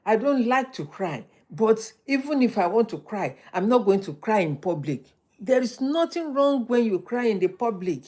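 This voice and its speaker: A woman's voice: a little high, big pitch swings, normal speed, dark tone. A woman hosting a motivational live stream, telling stories and repeating points for emphasis.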